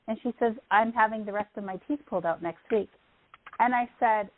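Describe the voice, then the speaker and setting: Over a tinny phone line, a middle-aged podcast guest rambles through a long personal story in casual chat, quoting others as she goes. She speaks briskly and animatedly in a voice on the high side, with slight background noise.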